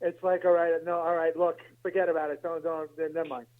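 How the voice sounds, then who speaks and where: A man's voice: on the high side, little pitch movement, brisk. A man co-hosting a podcast, talking in a rambling way full of "you know", over a tinny, phone-like line. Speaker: podcast co-host. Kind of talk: casual chat.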